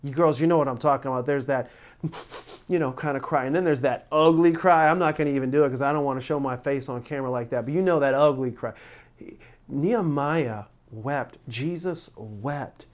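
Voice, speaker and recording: A man's voice: mid-range voice, normal speed. Earnest middle-aged male pastor preaching. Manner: earnest, emotional storytelling with many restarts. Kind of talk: sermon.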